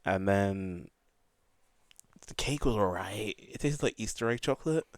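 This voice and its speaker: A man's voice: on the low side, lively intonation, measured pace, no echo. A young man co-hosting a podcast, telling stories in a chatty, blunt and joking way. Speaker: podcast co-host. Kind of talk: casual chat.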